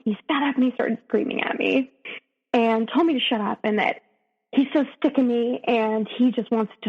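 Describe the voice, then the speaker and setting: Woman telling a painful story, husky. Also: high voice, long reverb tail, lo-fi sound. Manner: emotional, halting retelling with many restarts. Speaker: podcast guest. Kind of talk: personal story in an interview.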